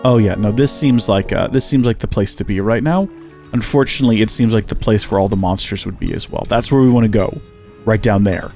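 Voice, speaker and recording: Playing Minecraft, a let's-play host keeps up chatty commentary on a survival game, talking to the animals he meets and tossing jokey asides to himself. His voice is on the low side, a little fast and darkish, over soft background music.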